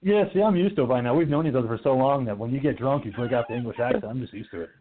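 A man's voice: medium pitch, racing. A man hosting an online horror talk show, joking and swearing in casual banter. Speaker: podcast host. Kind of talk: casual chat. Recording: tinny phone-like online radio.

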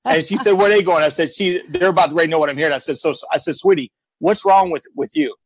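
A middle-aged man telling stories on a talk show, blunt and emphatic, with a voice pitched a bit high for a man. He repeats his points for effect, and the sound is dry and close, with no room around it. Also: quick pace, husky, dry recording. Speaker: guest. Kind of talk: casual storytelling.

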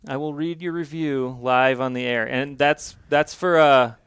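Smooth-voiced man hosting a casual podcast. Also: medium pitch, measured pace, no echo. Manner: relaxed, rambling, many fillers. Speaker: podcast host.

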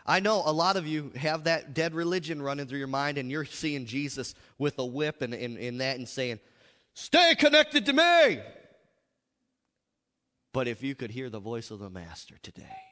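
A male pastor preaching a sermon, swinging between loud outbursts and hushed asides. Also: mid-range voice, brisk, hardly any pauses. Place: church. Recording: echoey hall.

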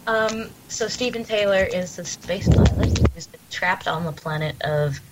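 A woman's voice: fairly low pitch, unhurried, background noise. Giggly enthusiastic woman on a podcast. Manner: enthusiastic and giggly, acting out quotes. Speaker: podcast guest. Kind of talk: casual podcast chat.

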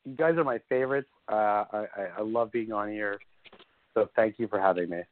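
A man calling in to a podcast, chatting casually as an animated storyteller who acts out his quotes. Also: fairly low pitch, fairly quick. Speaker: guest caller. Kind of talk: casual chat. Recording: tinny phone line with voices behind.

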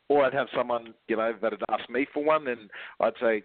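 A man's voice: mid-range voice, normal speed, slight background noise. Brash Australian man on a phone line. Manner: brash, cheeky, laughs often. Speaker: guest recruiter. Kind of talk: casual phone interview.

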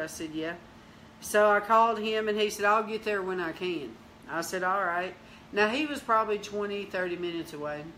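Woman preacher telling a testimony, bright forceful voice, acts out all the dialogue, slips into prayer and praise. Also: medium pitch, slight background noise. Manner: lively storyteller, acts out dialogue, bursts into praise. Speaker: Christian teacher and host.

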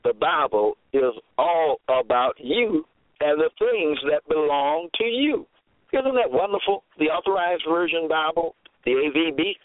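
A man preaching a radio sermon, slow and emphatic, repeating himself and asking rhetorical questions. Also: fairly high pitch, no echo. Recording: tinny phone-like radio audio.

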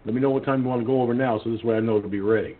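Husky guy hosting a radio chat, rambly storyteller, tinny phone sound. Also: medium pitch, steady tone, rapid-fire. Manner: rambling storyteller, many restarts and fillers, acts out quoted friends. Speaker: radio show host. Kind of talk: casual call-in radio chat.

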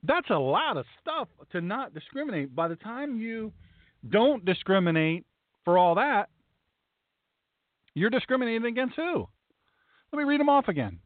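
Indignant pastor on a tinny line. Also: male voice, high voice, normal speed, long pauses, no room sound. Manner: emphatic and indignant, animated asides. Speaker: pastor and political commentator. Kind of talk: opinion commentary reading legal text aloud. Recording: tinny phone-like dry sound.

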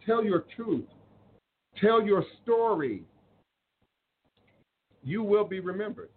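A man's voice: sits high, lively intonation, slow pace. A man hosting a spiritual live stream, talking earnestly and preachily to viewers, reading their comments and repeating phrases for emphasis. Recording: phone-like audio with faint noise.

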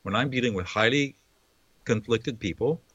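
Male mediator as interview guest, bright, emphatic, explains like a lecturer. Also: mid-range voice, moderate pace, breathy edge, no room sound, lo-fi sound.

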